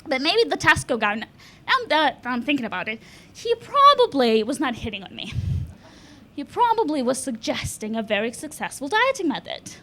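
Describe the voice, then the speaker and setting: Young woman comic from Lithuania, high voice, deadpan self-mockery, chuckling through her live club set. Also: moderate pace. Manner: deadpan self-mocking delivery, laughing at her own jokes. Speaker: stand-up comedian. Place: comedy club stage.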